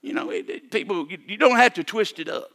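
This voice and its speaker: An older man delivers a sermon in a high, bright voice. He repeats himself, restarts phrases and keeps calling for amens. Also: expressive, a little fast. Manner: repetitive, stammering restarts, calls for amen. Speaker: preacher.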